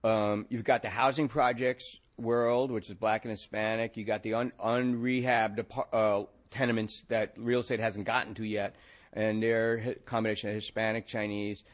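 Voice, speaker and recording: A male author reading from his novel in an even, measured way, then answering questions. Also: fairly low pitch.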